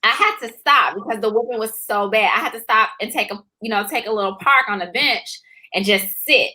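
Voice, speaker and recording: A woman co-hosting a casual chat, telling a personal story in a lively way, full of fillers and acted-out voices. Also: a little high, brisk, rough recording. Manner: animated, acts out voices, many fillers. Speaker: co-author and co-host.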